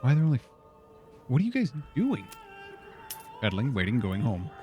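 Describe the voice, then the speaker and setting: A man's voice: medium pitch, wildly swooping pitch, moderate pace, lo-fi sound, music in the background. A man streaming a game, chatting casually and muttering exasperated questions to himself as he plays. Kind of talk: casual gameplay commentary.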